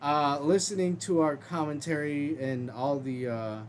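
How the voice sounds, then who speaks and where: A man hosting a casual group commentary chat, loud and joking, swearing freely. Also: on the high side, fairly even intonation, measured pace, a little hiss or hum. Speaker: host.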